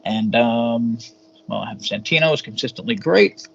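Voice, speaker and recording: A man's voice: mid-range voice, animated, moderate pace, creaky. Rambling man with a faint hum behind. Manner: rambling, hesitant, swears casually. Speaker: podcast co-host. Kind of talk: casual review chat. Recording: dull lo-fi sound with faint hum.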